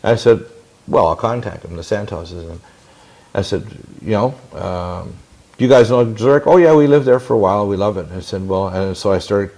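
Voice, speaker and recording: A man's voice: on the low side, a little mellow. Intense, rambling man in his 60s. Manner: intense, rambling, with many restarts and quoted dialogue. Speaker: interview guest. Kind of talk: long-winded interview storytelling.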